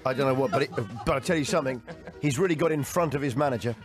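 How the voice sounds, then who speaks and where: A man's voice: mid-range voice, very fast, over music. A man hosting a radio sports show from a studio, bantering and telling rambling, jokey anecdotes.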